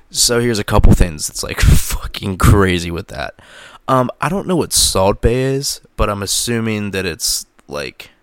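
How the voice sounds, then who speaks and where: Low gravelly man ranting casually. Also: a bit bright, no room sound. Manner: profane, filler-heavy, laughs at own jokes. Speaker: vlogger. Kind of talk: casual rambling commentary. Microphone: close microphone.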